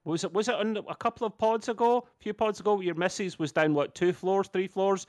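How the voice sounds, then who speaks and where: A man co-hosting a gaming podcast, teasing his friends with quick banter. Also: sits high, dry recording. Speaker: podcast co-host. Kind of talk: casual chat.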